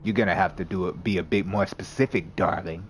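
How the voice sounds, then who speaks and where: A man voicing a gravelly, easygoing male vampire. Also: sits low, fairly quick, a little hiss or hum. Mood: teasing. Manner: easygoing, calls people darling and honey. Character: gravelly streetwise male vampire, smooth talker.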